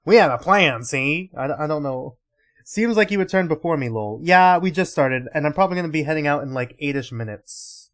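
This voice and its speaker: A man's voice: on the high side, animated, a little fast. A man casually commenting during live gameplay, loose and rambling. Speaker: gaming streamer.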